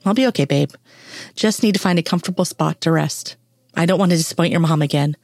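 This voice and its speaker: A woman's voice: low-pitched, quick pace, darkish tone, dry recording. A woman reading fan fiction aloud, voicing an injured adult man agent in a wry, teasing tone.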